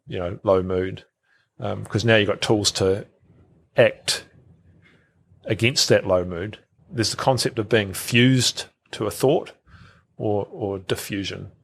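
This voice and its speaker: A man's voice: lowish voice, unhurried, vocal fry. A middle-aged man, a podcast guest who talks casually, repeats words and acts out quoted thoughts. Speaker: guest, health researcher.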